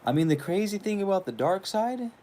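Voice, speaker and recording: A male host talks in a loose, rambling monologue, swearing often and laughing between his points. His voice sits a little higher than the typical man's. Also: very animated, fairly quick, mellow, a little hiss or hum. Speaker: channel host.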